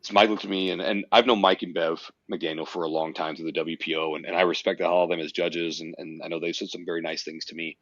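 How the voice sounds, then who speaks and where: A man's voice: low voice, fairly even intonation, fast talker, few pauses, a bit bright, dry recording. A man guesting on a podcast, telling a personal story with blunt, emphatic, profanity-laced conviction. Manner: emphatic, swears often, tells stories intensely. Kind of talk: casual podcast conversation. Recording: dry, slightly muffled podcast audio.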